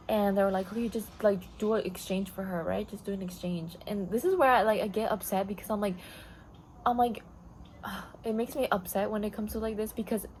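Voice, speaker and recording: A woman's voice: medium pitch, noisy background. A woman vlogger telling a storytime in a rambling, blunt way, full of fillers and swearing, slipping into Spanish now and then. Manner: code-switches into Spanish. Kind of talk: casual storytime chat.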